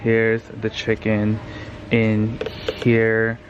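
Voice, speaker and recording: A man's voice: fairly low pitch, completely flat delivery, extremely slow, muffled recording, noisy background. A man hosting a casual home tour vlog, upbeat and enthusiastic, talking to a handheld camera. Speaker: vlogger host. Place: at home, indoors and out in the yard.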